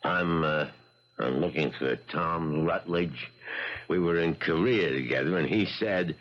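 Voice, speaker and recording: A man playing a folksy former army buddy who talks slowly and probes, in a 1970s radio drama. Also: rumbling low. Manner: slow, folksy, probing. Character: drawling male ex-army buddy, probing visitor. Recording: dull old radio broadcast.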